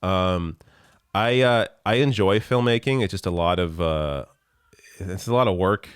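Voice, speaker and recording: Laid-back low-voiced man hosting. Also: a little slow, smooth, dry recording, clean studio sound. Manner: laid-back, chuckling, self-deprecating. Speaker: host. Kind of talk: casual chat reading viewer comments.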